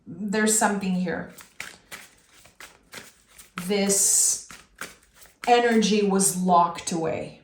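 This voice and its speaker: A woman doing a tarot reading, speaking softly and with feeling. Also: medium pitch, echoey room. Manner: slow, soft-spoken and emotional. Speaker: tarot reader.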